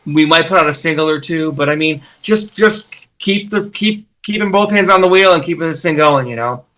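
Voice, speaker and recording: A man's voice: a little high, a little fast, slight background noise. A man in his forties, a musician guest, telling road stories casually and acting out the quotes. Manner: animated storyteller, acts out quotes. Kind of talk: casual interview storytelling.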